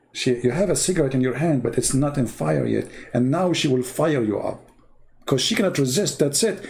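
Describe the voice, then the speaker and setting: Speaking to camera, this Arab Middle Eastern online commentator mocks his subject with heavy emphasis and a stream of rhetorical questions. His somewhat high voice carries vocal fry and a slightly mellow quality.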